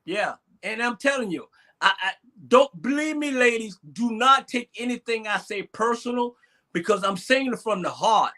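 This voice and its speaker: A man hosting a casual talk show, speaking emphatically and preachily, often shouting and swearing. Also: very high voice, expressive, moderate pace.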